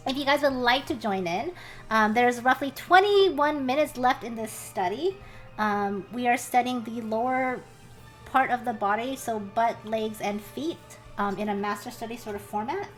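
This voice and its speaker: A woman's voice: fairly high pitch, moderate pace, faint music behind. Chatty young woman streaming art. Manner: chatty, laughs often, many ums. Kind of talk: casual stream chat.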